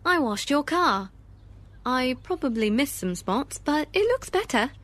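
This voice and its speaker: A woman voices a cheerful young boy in a heavily acted performance, pitching her voice above her own natural range. The result is high, very animated, a bit bright, and a little slow.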